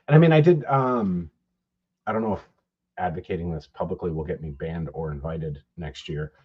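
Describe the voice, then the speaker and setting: A man with a fairly low, husky voice tells loose, profanity-laced stories as a podcast co-host. The audio is dull and lo-fi. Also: moderate pace. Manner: rambling, profane storytelling with laughs. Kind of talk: casual podcast chat.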